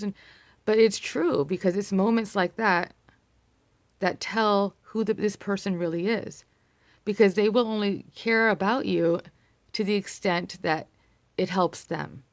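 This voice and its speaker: A woman talking earnestly and reflectively to camera, sharing a personal story with many pauses and fillers. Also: medium pitch, vocal fry, no echo. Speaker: vlogger sharing personal experience. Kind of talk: casual talk to camera.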